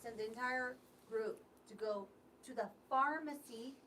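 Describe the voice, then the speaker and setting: A woman's voice: on the high side, a little slow, slight background noise. A woman co-hosting a casual livestream, telling a funny story with laughter. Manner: laughing, lively anecdote teller. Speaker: co-host.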